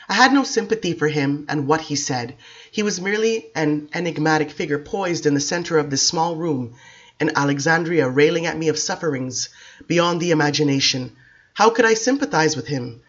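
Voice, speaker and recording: A man reading a dark novel aloud in the first person, with dramatic, intense storytelling, on a dull lo-fi recording. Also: a little high, moderate pace. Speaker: audiobook reader.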